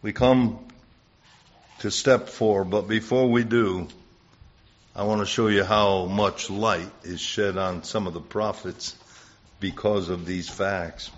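Male preacher, sermon, emphatic, unhurried delivery, muffled lo-fi sound. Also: on the low side, fairly even intonation. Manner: emphatic, rising to loud bursts. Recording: dull lo-fi recording.

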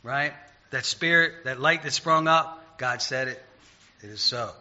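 A man preaching an informal sermon in a conversational way, getting loud and emphatic when he retells stories. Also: medium pitch, unhurried, dull audio.

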